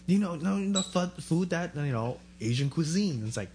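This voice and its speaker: A man's voice: a little high, normal speed, faint music behind. A man chatting casually, telling an anecdote and acting out the voices of people in it. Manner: animated, acts out quoted exchanges. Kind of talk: casual chat, storytelling.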